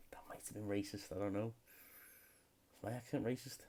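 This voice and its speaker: A man's voice: fairly low pitch, steady tone, moderate pace, warm tone, a little hiss or hum. A young British man hosting a solo comedy podcast, rambling freely and swearing a lot. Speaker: podcast host.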